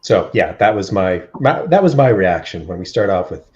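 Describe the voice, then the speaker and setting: Male guest with a lowish voice; blunt, cusses, brushes things off. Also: big pitch swings, normal speed, darkish tone, muffled recording. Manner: blunt, dismissive, swears freely. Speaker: podcast guest. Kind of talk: casual wrestling review chat.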